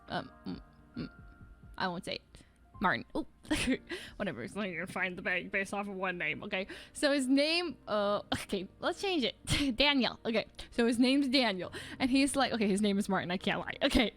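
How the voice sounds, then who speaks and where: A young woman livestreamer in her twenties telling a story in casual, rambling chat, full of "like" and quick laughs. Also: fairly high pitch, animated, faint music behind.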